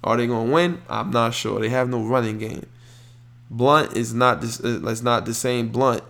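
A man hosting a podcast, giving loud, opinionated sports takes in casual slang. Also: mid-range voice, moderate pace, creaky. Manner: opinionated, animated rants with slang. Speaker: podcast host.

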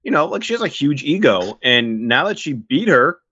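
A man's voice: on the high side, very animated, normal speed, bright, forceful tone, breathy edge, no echo, muffled recording. A man co-hosting a podcast, chatting casually and joking about fights. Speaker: podcast co-host.

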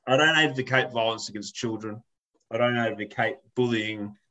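A man's voice: mid-range voice, normal speed, sharp tone, a little hiss or hum, poor audio. A man telling a story in a casual chat, ranting animatedly, swearing and acting out the people in it.

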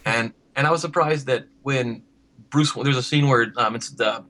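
A man's voice: medium pitch, normal speed, pushed and bright. A man who writes comics, talking casually in a podcast chat, rambling and laughing often as he acts out quotes.

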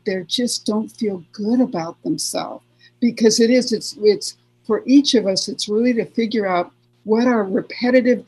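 Woman therapist, gravelly husky voice, earnest advice talk, repeats herself a lot. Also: mid-range voice, darkish tone, low-quality recording. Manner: earnest, repeats phrases, acts out inner voices. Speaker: therapist guest. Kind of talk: conversational advice interview.

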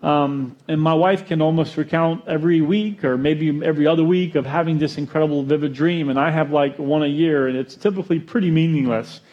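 A man preaching a sermon, storytelling with jokes and acting out quotes in an animated way. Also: a little high, fairly quick, hardly any pauses, muffled recording. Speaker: pastor.

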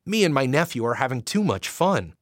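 A man's voice: medium pitch, big pitch swings, brisk, dry recording, studio quality. A man voicing a cheerful, easygoing young man who speaks in a friendly way.

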